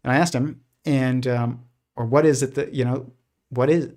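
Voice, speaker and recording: A man's voice: mid-range voice, steady tone, normal speed. A man hosting a casual livestream, thinking aloud with many restarts and fillers. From United States. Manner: rambling, many restarts and fillers, laughs softly. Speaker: host.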